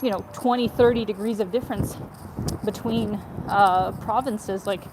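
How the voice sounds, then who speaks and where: A woman from Ukraine hosting a walking live-stream, talking in a chatty, upbeat way at a middling pitch. She is recorded outdoors on a phone, with the street and passers-by clearly heard behind her. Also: steady tone, moderate pace, noisy background. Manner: chatty and upbeat, reads viewer messages aloud. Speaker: travel vlogger. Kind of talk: live-stream walking tour with viewer chat. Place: outdoors in a winter city, on a footbridge. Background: street ambience, passers-by, accordion player.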